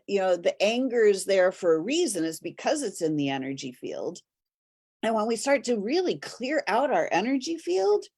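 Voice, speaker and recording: A woman talking casually and earnestly, telling stories in a steady way. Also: medium pitch, husky. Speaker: host. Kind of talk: casual conversation.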